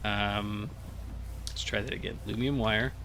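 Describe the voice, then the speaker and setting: A man's voice: fairly low pitch, steady tone, measured pace, fairly bright tone, a little hiss or hum. A man casually thinking aloud while playing a game, rambling with lots of fillers and sounding a bit groggy. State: groggy after a nap. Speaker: gaming channel host. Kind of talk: casual Let's Play commentary.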